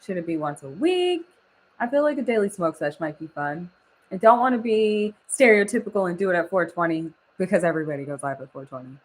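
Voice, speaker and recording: A woman's voice: on the low side, lively intonation, brisk, rough recording. Chatty young woman on a casual live stream. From Oklahoma. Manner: chatty, laughs often, reads chat aloud. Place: home studio.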